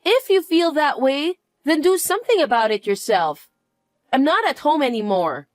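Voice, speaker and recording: A harsh, scornful young daughter-in-law, voiced by a woman in a narrated family drama, pitched fairly high with a lively, swinging delivery. The voice is dry and close, with faint music underneath. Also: normal speed, no echo.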